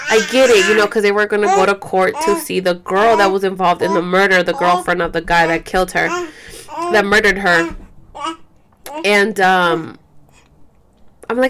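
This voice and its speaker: A young woman talks straight to her viewers from home, loose and candid, with plenty of filler words. Her voice sits at an ordinary middle pitch, and she drops in curses freely. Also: steady tone, moderate pace, a bit bright. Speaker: vlogger. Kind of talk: casual talk to camera. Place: home, caring for a baby.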